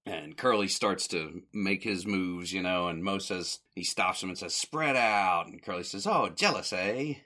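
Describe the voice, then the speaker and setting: A man casually recapping on his podcast, rambling and correcting himself as he goes. His voice sits a bit low but has a bright, forward edge. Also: steady tone, normal speed, hardly any pauses. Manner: rambling, self-correcting, chuckles at the jokes. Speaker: podcast host.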